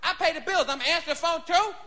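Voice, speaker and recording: A man's voice: extremely high pitch, fast, pushed and bright, pitched above the performer's own voice. A man voicing a drunk, belligerent father ranting at home in a stand-up bit.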